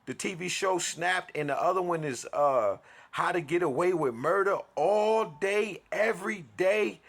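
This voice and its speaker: A man's voice: sits high, creaky, a bit bright. A man telling an aggrieved story in a profane, heated monologue, restarting and repeating himself as he vents. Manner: aggrieved, ranting, repetitive restarts. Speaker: vlogger.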